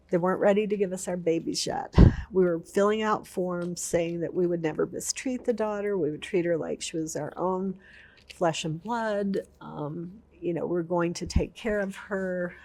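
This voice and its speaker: Lady telling her story, kinda low, gravelly, gets real emotional. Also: a little mellow. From United States. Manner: emotional, vivid storytelling with repetition. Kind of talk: personal story in an interview.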